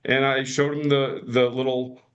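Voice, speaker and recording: A man's voice: medium pitch, level tone, moderate pace, clean tone, dull audio. A man in his fifties, a podcast guest, telling stories with many restarts and fillers and acting out quoted voices. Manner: rambling, frequent restarts and fillers. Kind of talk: casual storytelling.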